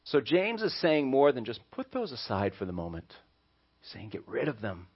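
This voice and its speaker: A man's voice: medium pitch, huge pitch swings, moderate pace, breathy edge. A male pastor preaching a sermon in a conversational way and acting out little voices, in a dull lo-fi recording.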